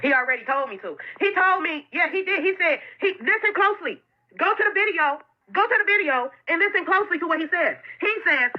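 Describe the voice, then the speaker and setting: A woman's voice: very high voice, expressive, a little fast. A woman who owns a food truck, speaking an impassioned and defensive statement in which she often repeats herself. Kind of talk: emotional self-made video statement. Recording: dull lo-fi phone audio.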